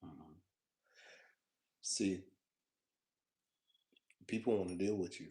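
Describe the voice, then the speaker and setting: Casual male vlogger, low voice, slangy profane ramble, roomy echo. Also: slow, warm tone. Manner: loose, slangy, profane, laughs often; repeats himself and talks to the viewer. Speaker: food vlogger.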